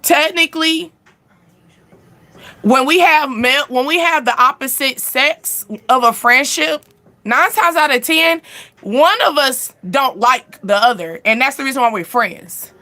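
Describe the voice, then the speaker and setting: A woman's voice: high-pitched, measured pace, sharp tone. A young woman hosting a casual live stream, speaking candidly and laughing often as she answers viewers' questions.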